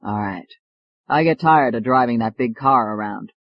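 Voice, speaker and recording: A narrator voicing a brisk, gruff older male doctor who talks bluntly. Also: medium pitch, no room sound, muffled recording, voice pushed down, natural voice. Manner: curt, blunt.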